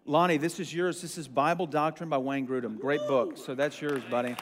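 A man's voice: fairly high pitch, steady tone, fairly quick, noisy background. A young man leading a church discussion group, chatty and friendly with lots of ums. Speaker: church roundtable leader. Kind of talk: casual teaching to a group. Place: meeting room with a group. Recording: long room reverb.

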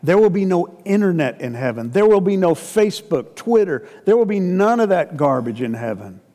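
An older man in his sixties gives a sermon in a somewhat high voice. He talks to the congregation like old friends, full of rhetorical questions and homespun humor. His words trail off into a long, echoing reverb from the sanctuary. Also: big pitch swings, moderate pace, warm tone. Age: 60s. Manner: asks the congregation rhetorical questions, folksy and joking. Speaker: pastor. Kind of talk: conversational sermon.

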